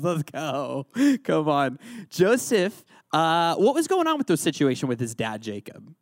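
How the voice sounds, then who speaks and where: A man's voice: a little high, very animated, normal speed, no room sound, studio quality. A man leading an interactive Bible lesson as a youth pastor, quizzing his listeners and joking along the way. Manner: playful, joking, quizzes the audience.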